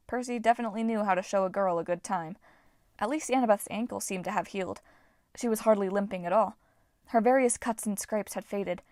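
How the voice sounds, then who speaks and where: A woman reading an audiobook at a mid pitch, expressive and steady. The recording is dry, with no room sound. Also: no echo. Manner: expressive, voices each character. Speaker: audiobook narrator. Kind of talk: audiobook narration.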